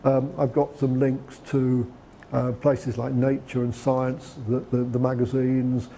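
A man delivers a lecture in a relaxed, conversational way, often restarting his sentences. His voice is gravelly and mellow, with a faint hiss of noise underneath. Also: medium pitch, takes it slowly. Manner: conversational with frequent restarts and fillers. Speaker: guest lecturer. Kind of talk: lecture on preparing a CV.

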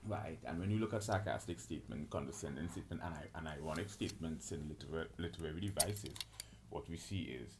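A man's voice: very deep voice, fast, noisy background. A man giving a rambling solo lecture on his own channel, listing terms and restarting his sentences often. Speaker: channel host.

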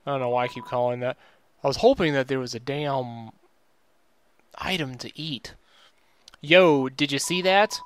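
A man giving casual gameplay commentary, reacting excitably, cursing often and reading on-screen game text aloud. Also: mid-range voice, moderate pace, long pauses, clean tone, no room sound. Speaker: let's play gamer. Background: game music.

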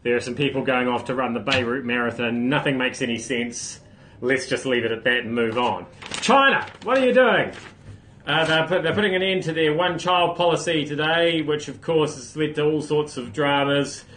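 A man hosting a solo comic livestream, with wry deadpan asides and sudden loud outbursts. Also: mid-range voice, brisk, a little hiss or hum. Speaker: host. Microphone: phone camera.

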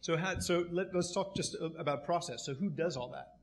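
Fast-talking guy moderating a panel, chatty and self-deprecating. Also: on the high side. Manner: quick, conversational, self-deprecating.

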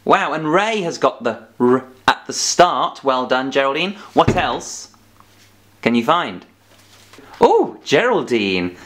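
A man leads a children's phonics lesson, his voice swooping up and down with lively expression. He coaxes and plays, stretching out letter sounds for young listeners. His pitch sits in an ordinary middle range. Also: slow pace. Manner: playful, coaxing, exaggerated sound drills. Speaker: phonics teacher.

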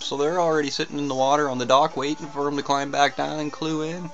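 A man narrating a comic tale in a deadpan, meandering way. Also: a little high, fast, hardly any pauses, soft background music. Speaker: comedic storyteller. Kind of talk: comic storytelling.

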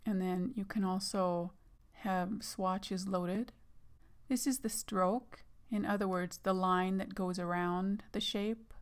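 A woman narrating a software tutorial, explaining each step in a casual, plain way as she clicks through the menus. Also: mid-range voice, steady tone, takes it slowly, clean tone. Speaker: online course instructor.

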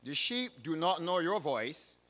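A man's voice: on the high side, big pitch swings, unhurried, sharp tone, full character voice. A man voicing an honest young shepherd boy, earnest and steadfast in a sermon story, in a reverberant hall. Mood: firm, earnest.

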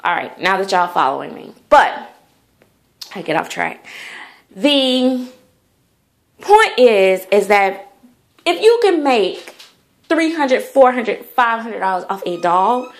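A woman's voice: medium pitch, lively intonation, slow, pauses often. A woman vlogger chatting casually to the camera in a rambling way, full of fillers. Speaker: doll collector vlogger.

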